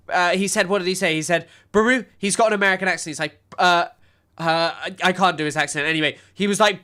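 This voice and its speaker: Man, high voice, sharp and bright, sarcastic, swears, rambles in asides, reacting to a clip. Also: clear, resonant tone. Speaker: streamer reacting to a news clip. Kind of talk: casual reaction commentary.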